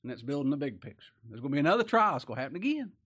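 A man preaching a Bible sermon in a folksy way. He reads scripture aloud and swings between loud stresses and quiet asides. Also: on the high side, sing-song, very fast.

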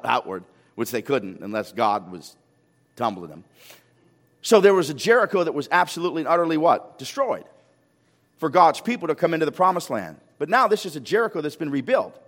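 A man preaching a sermon as a pastor, animated, firing rhetorical questions and repeating words when he gets excited. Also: on the high side. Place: church sanctuary. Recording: long hall reverb.

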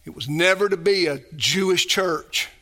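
A man's voice: sits high, normal speed, bright, forceful tone. A man preaching a sermon as pastor, emphatic and full of rhetorical questions put to his congregation.

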